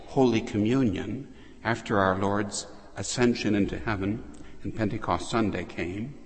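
A man's voice: fairly low pitch, long reverb tail. A man preaching a sermon as a priest, speaking devoutly, reciting Latin phrases and then translating them.

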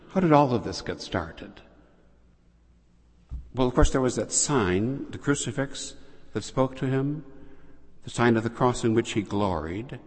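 A man preaching a sermon, telling the story slowly and deliberately with long pauses. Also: lowish voice. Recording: long hall reverb.

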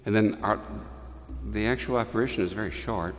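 A man preaching a homily, telling a story in a measured way with restarts and pauses. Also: fairly low pitch, long reverb tail. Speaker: priest.

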